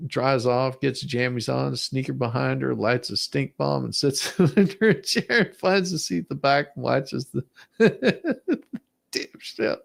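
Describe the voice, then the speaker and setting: A man with a gravelly, creaky voice reacts to video clips in a commentary vlog. He talks sarcastically, cracking mocking jokes and laughing often. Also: mid-range voice, moderate pace, few pauses.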